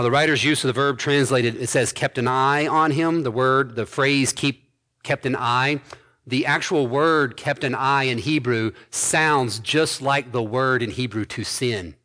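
A man preaching an expository sermon, building to emphatic points with quick asides. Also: medium pitch, fairly bright tone. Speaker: pastor.

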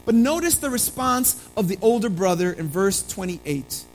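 A pastor preaching a sermon, calling listeners family, moving between quiet, slow lines and emphatic ones, with playful asides. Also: medium pitch, soft background music, poor audio. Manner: animated, swinging between hushed and emphatic delivery.

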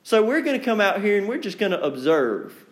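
High-voiced man preaching folksy sermon. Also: big pitch swings, a little fast. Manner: conversational and folksy, acting out quotes with sarcasm. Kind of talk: evening sermon to a congregation. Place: church room with a congregation.

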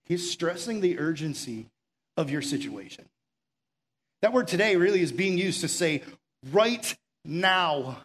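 A man's voice: on the high side, animated, measured pace, fairly bright tone. A man preaching a conversational sermon as pastor, urgent and full of rhetorical questions. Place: room with a gathered audience.

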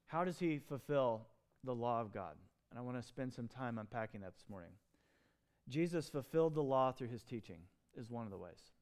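A man preaching a sermon in an animated, emphatic way, with quick asides and restarts. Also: medium pitch, clear, resonant tone. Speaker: pastor.

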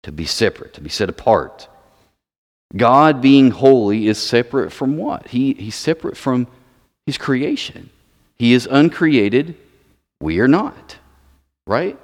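A man's voice: mid-range voice, sing-song, unhurried, long pauses. A man preaching a sermon, emphatic, repeating words for stress. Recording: long reverb of a large hall.

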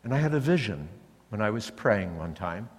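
Male preacher, lively storyteller, long reverb of a large hall. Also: lowish voice, moderate pace, slightly rough. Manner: animated storytelling, acting out voices. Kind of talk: sermon.

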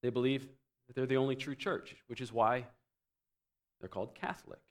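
A man preaching a teaching sermon, explaining doctrine and swinging between loud emphatic phrases and quiet low asides. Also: level tone, moderate pace. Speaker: pastor.

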